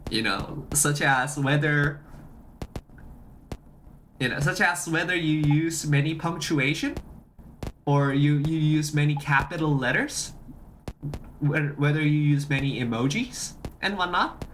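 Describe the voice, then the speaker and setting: A streamer chatting casually on a live stream, excitable and often repeating phrases while greeting chat. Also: medium pitch, a little slow, pauses often, slight background noise.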